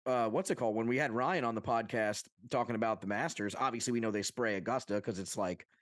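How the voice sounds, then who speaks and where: A man co-hosting a podcast from Long Island, New York, talking in a casual chat that is excitable and rambling, with casual swearing. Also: on the low side, fast, no echo, clean studio sound. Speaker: podcast co-host.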